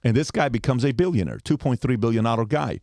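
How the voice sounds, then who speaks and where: A man's voice: mid-range voice, expressive, fast talker, darkish tone, dry recording, studio quality. A man in his forties telling a long story as a podcast guest, acting out the quoted lines as he goes.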